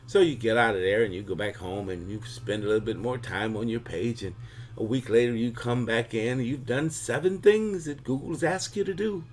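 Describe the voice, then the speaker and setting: A man's voice: medium pitch, normal speed. A man hosting a video, giving a casual, humorous explainer full of analogies. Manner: chatty, talks in analogies. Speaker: video host.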